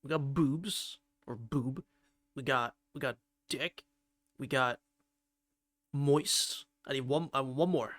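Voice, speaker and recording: A man's voice: medium pitch, slow pace, long pauses, a bit bright, no echo, clean studio sound. A man streaming a game and chatting casually with viewers, playful and rambling, swearing now and then. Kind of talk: casual chat while playing a game.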